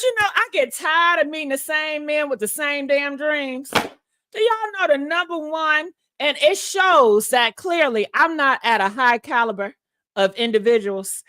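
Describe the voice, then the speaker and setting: A woman's voice: high voice, bright, forceful tone, no room sound, clean studio sound. A woman vlogger casually telling a personal story to her viewers, frank and profane, laughing often.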